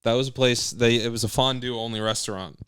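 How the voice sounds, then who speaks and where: Young male comedy co-host, smooth clear voice, dry close-mic sound, loose rambling delivery. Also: medium pitch, steady tone, quick pace, a bit bright, no echo. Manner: rambling, trailing off mid-sentence. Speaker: podcast co-host. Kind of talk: casual comedy chat.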